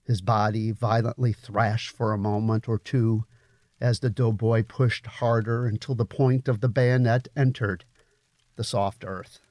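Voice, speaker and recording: A man narrating a story in a measured, grave audiobook reading. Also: lowish voice, fairly even intonation, a little mellow, no room sound. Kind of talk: scripted narration.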